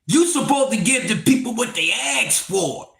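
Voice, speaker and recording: A loud, high-voiced man rants on a livestream in an echoey room. His creaky voice is expressive and moderately paced, and his animated, preachy delivery swings between shouting and mock laughter.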